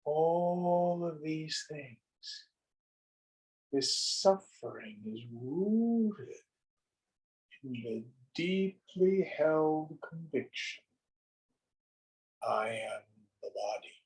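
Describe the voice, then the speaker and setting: A man teaching a study group on a spiritual text, speaking slowly and deliberately and sometimes acting out little dialogues. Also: on the high side, expressive, darkish tone, rough recording.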